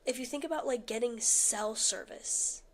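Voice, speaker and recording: A woman talking casually and thoughtfully, sometimes slipping into a whisper. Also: on the high side. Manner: musing, slow, dropping to a whisper at times. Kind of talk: casual talk in a video.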